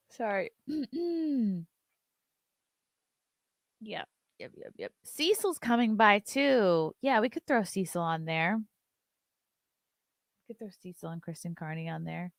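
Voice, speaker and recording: Gravelly low-voiced woman hosting a stream. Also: lively intonation, normal speed, no echo, clean studio sound. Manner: chatty and loose, reads viewer chat aloud and swears casually. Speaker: live-stream show host. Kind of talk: casual live-stream chat.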